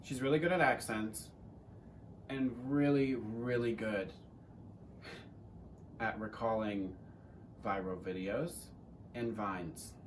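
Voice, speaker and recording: A man's voice: fairly low pitch, steady tone, slow pace, long pauses, recorded from a distance, slight background noise. A teenage man co-hosting a casual Q&A chat, rambling and joking with some swearing. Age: teens. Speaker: co-host.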